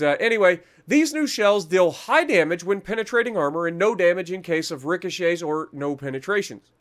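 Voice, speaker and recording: A man with a fairly high voice talks through game patch notes at home. He is chatty and self-mocking, trips over foreign names and drifts into small rants about the game's developers. His delivery stays loose and conversational. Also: fairly bright tone. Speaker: gaming channel host. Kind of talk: casual patch-notes commentary.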